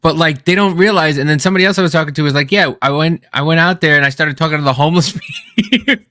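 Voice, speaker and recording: High-voiced, profane, excitable man. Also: quick pace, dry recording, studio quality. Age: adult, has an ex-wife. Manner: profane, animated storytelling with sudden loud outbursts. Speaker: podcast co-host. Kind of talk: casual chat.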